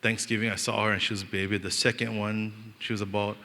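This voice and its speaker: Bright-voiced pastor with a Hawaiian Pidgin lilt. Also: male voice, lowish voice, fast talker. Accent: Hawaiian Pidgin-inflected English. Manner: animated, joking, acts out quoted voices. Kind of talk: storytelling sermon. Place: church hall. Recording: long reverb of a church hall.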